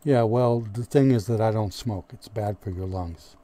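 A nervous, bewildered recruit, as a male narrator reads him answers in halting, unsure phrases. The voice is low-key, dark and mellow. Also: natural voice. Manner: hesitant, unsure, fumbling for words. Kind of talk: audiobook character voice.

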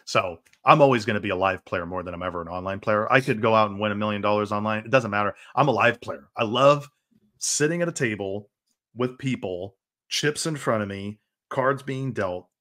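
Man, podcast guest, bright forceful tone, emphatic, casual chat. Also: on the low side, a little fast.

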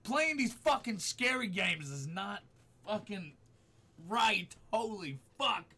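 A man with a high-pitched, husky, sharp voice streams a horror game live, speaking slowly but animatedly. Profane and jumpy, he's teary from fright, shrieking and laughing whenever something scares him.

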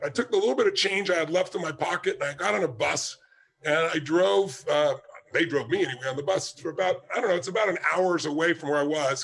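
Guy in his 60s doing a punchy motivational talk, kinda high voice, tells stories. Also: a bit bright. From United States. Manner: storytelling, emphatic, acts out quotes. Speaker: motivational speaker.

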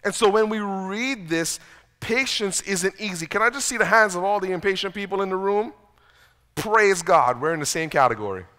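A man's voice: high-pitched, lively intonation, normal speed, bright, forceful tone. A man preaching a sermon as pastor, conversational and self-deprecating, often repeating words as he starts a sentence. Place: church sanctuary. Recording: long reverb of a church hall.

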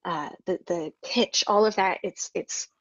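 A woman's voice: on the low side, measured pace, dry recording. Woman explaining steadily on a dull dry line. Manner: clear, methodical explaining with occasional restarts. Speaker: guest, marketing manager. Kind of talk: explanatory interview answers.

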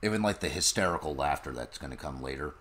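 A man's voice: extremely low pitch, expressive, fast, a bit bright, slightly rough. A man co-hosting a casual book-discussion podcast, talking in a blunt, wry way. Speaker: podcast co-host.

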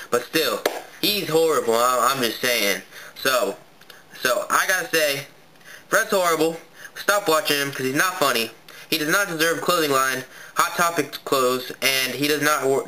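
A man's voice: medium pitch, bright, forceful tone, slight background noise, poor audio. A young man ranting irritably into his camera, blunt and repeating himself. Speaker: vlogger. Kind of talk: angry webcam rant.

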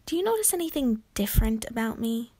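A woman voicing a sensitive, gentle young girl in a storybook read-aloud, soft and pleading. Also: a little high, sing-song, quick pace. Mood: hopeful. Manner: soft, pleading, sometimes whispering.

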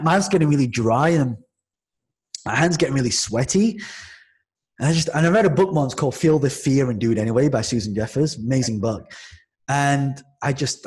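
Animated man from Manchester, slightly high voice. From Manchester, England. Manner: lively, with frequent restarts and acted-out quotes. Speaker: podcast guest, entrepreneur. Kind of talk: animated storytelling in casual conversation.

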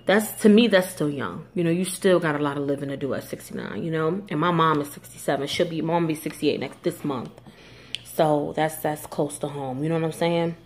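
A young woman from New Jersey vlogging in a fast, chatty way, with many fillers and restarts. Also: low-pitched, slight background noise. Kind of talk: casual talk to camera.

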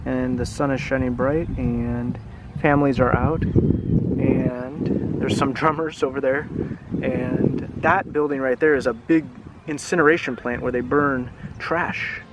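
A man's voice: medium pitch, steady tone, a little slow, dull audio. A man reading a picture book aloud in a casual, chatty way, musing aloud with questions, at an outdoor seaside park. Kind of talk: casual storybook read-aloud. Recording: noisy outdoor recording.

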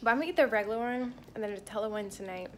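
A woman's voice: on the high side, rapid-fire, slight background noise. A woman vlogging her trip, talking casually to the camera and tasting food as she goes. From not from Hawaii. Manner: chatty and candid, tasting food between remarks. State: irritated and tired. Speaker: travel vlogger. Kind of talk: casual vlog talk to camera. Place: indoors, hotel room and on the go.

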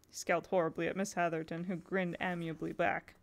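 A woman's voice: fairly low pitch, flat delivery, a little fast, few pauses. A woman reading a novel aloud in a casual way, now and then stopping to correct herself. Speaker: audiobook reader.

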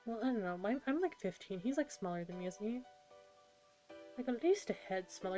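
A woman streaming a game, chatty, excitable and self-mocking as she comments casually. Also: mid-range voice, a little fast. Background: game music.

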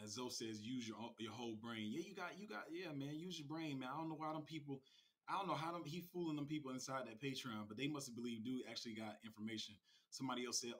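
Bright-voiced rambling livestream host. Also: male voice, medium pitch. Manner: loose, rambling, slangy, with many fillers and restarts. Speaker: crypto channel host. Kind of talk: casual livestream chat, reading viewer comments.

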